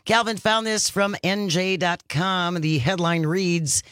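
A woman's voice: on the low side, fairly even intonation, takes it slowly, hardly any pauses, a bit bright, no room sound. A woman hosting a radio talk show, chatting casually and reading news items aloud in a studio. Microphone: studio microphone.

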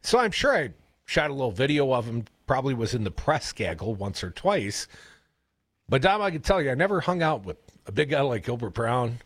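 A man with a Wisconsin accent hosting a radio show, telling rambling stories in a casual, animated way. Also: medium pitch, fairly quick, no room sound. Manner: chatty, rambling storyteller, animated. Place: radio studio. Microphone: studio broadcast mic.

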